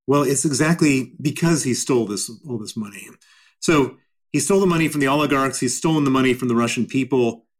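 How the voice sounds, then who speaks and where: Emphatic male guest, mid-pitched voice. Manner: emphatic and repetitive. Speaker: interview guest. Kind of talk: explanatory interview answers.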